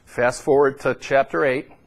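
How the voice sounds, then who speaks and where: A middle-aged man preaching a sermon, swinging between loud, high emphatic peaks and low, quiet asides. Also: steady tone, normal speed.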